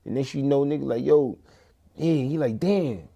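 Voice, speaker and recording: This Bronx man with a New York accent tells his story casually and ramblingly, stuffing it with fillers and restarts and doing animated voices for what other people said. His voice is mid-range with vocal fry, at a moderate pace. He's an interview guest and a former inmate.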